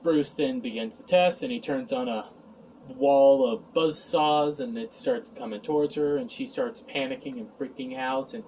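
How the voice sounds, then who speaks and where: A man's voice: medium pitch, normal speed, darkish tone, far from the mic, a little hiss or hum, rough recording. Exasperated man sighing through a recap. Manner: acts out quoted lines in mocking voices. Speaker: reviewer. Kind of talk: casual recap review.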